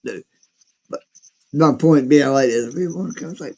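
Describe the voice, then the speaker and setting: A man's voice: mid-range voice, a little fast, rough recording. Rambling profane man telling a story. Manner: rambling, profane, acts out quotes loudly. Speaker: podcast host. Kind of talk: casual storytelling chat.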